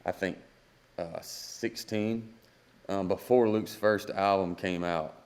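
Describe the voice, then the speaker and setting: A man's voice: deep voice, fairly even intonation, takes it slowly, a little mellow. A man in his thirties, a country singer-songwriter guest, telling a story and acting out the dialogue. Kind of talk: storytelling in a podcast interview.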